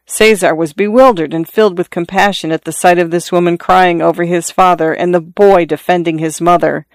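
A narrator reading a literary short story in a measured, even storytelling manner. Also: medium pitch, no room sound. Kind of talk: scripted audiobook narration.

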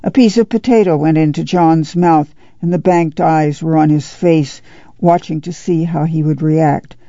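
A narrator reading a novel aloud in a measured storytelling manner. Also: mid-range voice, fairly even intonation, dark tone, no room sound, highs cut off. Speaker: audiobook narrator. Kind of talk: scripted narration.

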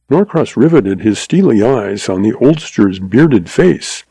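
A man narrating a western story in a steady, measured storytelling manner. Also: on the low side, husky, dry recording, poor audio.

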